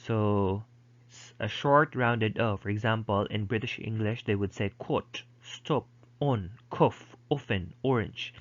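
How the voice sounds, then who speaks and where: A male lecturer explaining pronunciation slowly, with frequent fillers and restarts, modeling sounds aloud. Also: lowish voice, a bit bright, highs cut off. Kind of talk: recorded online lecture.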